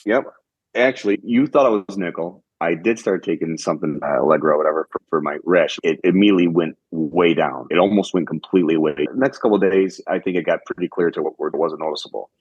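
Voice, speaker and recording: A man's voice: sits low, fast, darkish tone, husky, no room sound, highs cut off. A young man from Michigan, a podcast guest, earnestly recounting events step by step and quoting what others told him. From Michigan, United States. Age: young adult. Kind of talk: conversational storytelling.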